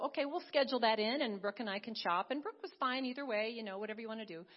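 A woman giving an earnest sermon testimony, swinging from hushed to emphatic. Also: on the high side, highs cut off. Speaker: preacher.

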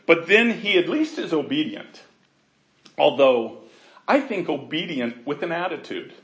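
A man preaching a sermon in an animated, conversational way, often laughing and acting out voices. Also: a little high, a little slow, echoey room. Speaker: pastor.

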